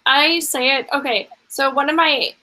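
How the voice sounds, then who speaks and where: A woman's voice: high voice, normal speed, sharp tone, poor audio. A woman hosting a casual chat, easygoing and encouraging, often laughing. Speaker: host.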